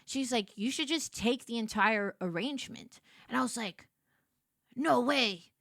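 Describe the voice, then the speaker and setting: A woman streamer telling a story to her live chat, animated and quick to get loud when excited. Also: on the high side, creaky, dry recording, clean studio sound.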